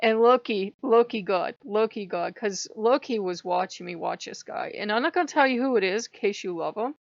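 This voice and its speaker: A woman chatting casually to her channel, animated and laughing often as she slips into mock voices. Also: mid-range voice, moderate pace, vocal fry, dry recording, muffled recording. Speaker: YouTuber.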